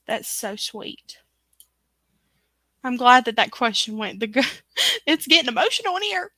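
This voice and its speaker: A woman's voice: fairly high pitch, sing-song, measured pace, bright, forceful tone, dry recording. A woman hosting a casual livestream chat, reading viewer comments aloud in a chatty way. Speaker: book club host.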